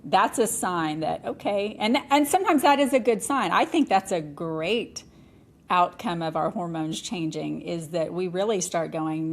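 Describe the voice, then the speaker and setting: A middle-aged woman talking candidly on a podcast, animated and often laughing. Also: low-pitched, measured pace. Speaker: podcast guest. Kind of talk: conversational podcast talk.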